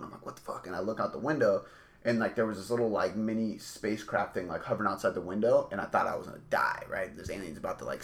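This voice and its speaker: A man's voice: fairly low pitch, a bit bright. A man telling a rambling, swear-filled story in a casual chat. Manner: rambling, swears a lot, many likes and rights.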